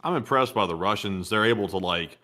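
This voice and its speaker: A man's voice: fairly low pitch, a little fast, sharp tone. A man co-hosting a casual commentary stream, making wry, laid-back remarks over video clips. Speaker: co-host.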